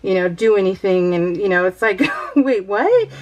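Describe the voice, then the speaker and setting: A woman's voice: on the low side, steady tone, moderate pace. A middle-aged woman from California chatting casually as a vlogger, rambling with restarts, sighs and little laughs. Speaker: scrapbooking vlogger. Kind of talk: casual voice-over chat while crafting.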